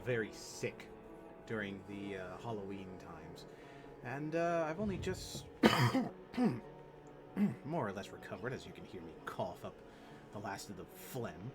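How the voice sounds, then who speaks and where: A young man streaming a horror game, chatting casually in a rambling, jokey, self-deprecating way. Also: fairly low pitch. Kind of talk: casual let's play commentary.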